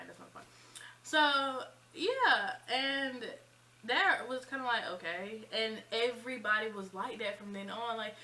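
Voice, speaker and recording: A woman in her twenties telling a personal story in a chatty, animated vlog style. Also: medium pitch, slight background noise, low-quality recording. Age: 20s. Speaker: vlogger. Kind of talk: casual storytime.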